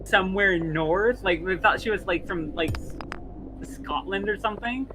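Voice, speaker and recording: A man's voice: sits high, moderate pace, noisy background. A man with an American accent carrying a slight British influence, chatting enthusiastically and often repeating words as he starts a thought. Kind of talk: casual chat while gaming.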